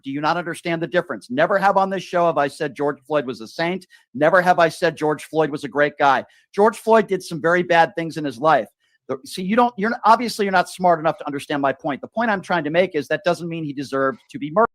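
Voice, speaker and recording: A high-voiced man hosts a political call-in show and argues with a caller, hammering the same questions again and again and cutting him off. The sound is dry and close. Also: fast, no room sound. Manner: combative, repeats questions, talks over the caller. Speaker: show host. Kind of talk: heated political call-in argument.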